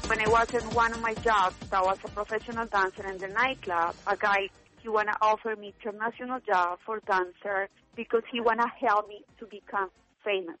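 A woman from Colombia with a Colombian Spanish accent, earnestly giving personal testimony in a radio interview in halting, non-native English. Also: medium pitch, fairly even intonation, a bit bright, dry recording, low-quality recording. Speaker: interview guest.

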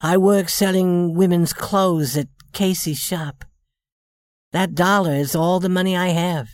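A woman's voice: lowish voice, steady tone, measured pace, a little mellow, dry recording, clean studio sound, lightly acted. A woman voicing a young shop girl posing as a rich lady, speaking politely in a scripted story reading. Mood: candid. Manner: polite, genteel, then plainly candid.

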